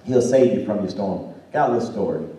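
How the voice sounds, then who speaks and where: A man's voice: fairly low pitch, animated, brisk. Man preaching in an echoing church. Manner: call-and-response preaching, rising to shouts. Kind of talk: sermon storytelling. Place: church sanctuary. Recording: roomy church sound from far off.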